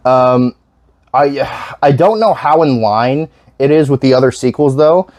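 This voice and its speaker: A man chatting casually on his vlog, rambling from one thought to the next and swearing freely. He restarts sentences often, in a mid-pitched voice with a dry, close sound. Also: measured pace, darkish tone, no room sound. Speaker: vlogger. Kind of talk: casual chat.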